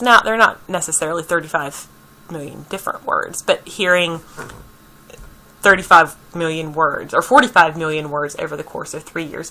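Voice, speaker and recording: Bright-voiced woman lecturing. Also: lowish voice, rough recording. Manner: conversational, repeats key points, checks in with "okay?". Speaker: early childhood lecturer.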